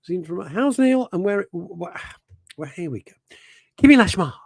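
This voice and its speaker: A middle-aged man hosts a chatty radio show, his voice swooping up and down as he rambles and trips over his own sentences. His tone is a touch husky, and the sound is dry and close. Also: sits high, moderate pace, dry recording. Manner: animated, rambling, self-interrupting. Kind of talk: casual radio chat reading listener messages.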